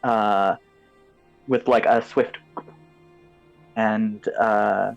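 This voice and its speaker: A man's voice: lowish voice, steady tone, extremely slow, gravelly, muffled recording, faint music behind. A man as game master, giving vivid descriptive narration of a tabletop game and turning loose with fillers when he improvises.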